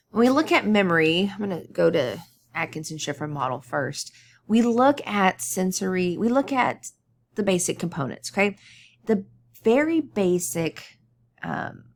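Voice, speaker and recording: A woman's voice: fairly low pitch, creaky, slight background noise. A woman teacher giving a conversational recorded lecture over slides, often checking in with "okay?".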